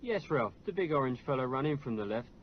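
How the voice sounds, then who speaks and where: A man's voice: mid-range voice, animated, quick pace, a little hiss or hum, natural voice. An actor with a Geordie accent playing a cheery male co-commentator in a drink advert. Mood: chummy. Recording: dull lo-fi old advert audio.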